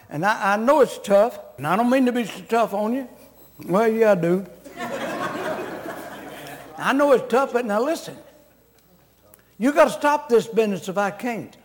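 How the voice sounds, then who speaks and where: A man preaching a revival sermon, blunt and scolding, joking with the congregation. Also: high voice. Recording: long reverb of a large hall.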